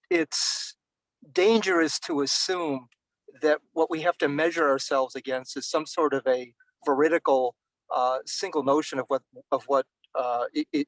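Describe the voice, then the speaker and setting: A man in an academic discussion who talks in a halting, professorial way, full of restarts and fillers. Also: a little high, fairly bright tone, no room sound, low-quality recording. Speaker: interviewee.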